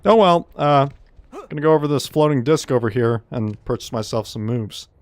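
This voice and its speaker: Guy narrating his game stream, jokey and sarcastic, rambling on, mid-pitched everyday voice. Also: normal speed, slight background noise. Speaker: streamer playing a video game. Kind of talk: casual gaming commentary.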